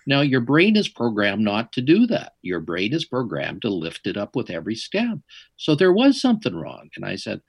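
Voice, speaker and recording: A middle-aged man, an interview guest, telling his story in an animated, wry way. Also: mid-range voice, normal speed, husky, no room sound.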